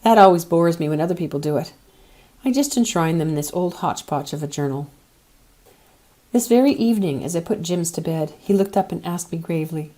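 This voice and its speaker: Woman audiobook reader, gentle measured delivery, low voice, warm mellow tone. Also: animated. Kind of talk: reading a novel aloud.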